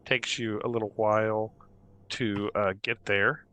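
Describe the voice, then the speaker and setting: A man running a tabletop game as game master, narrating in an unhurried way with many pauses and fillers. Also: fairly low pitch, flat delivery, sharp tone, smooth.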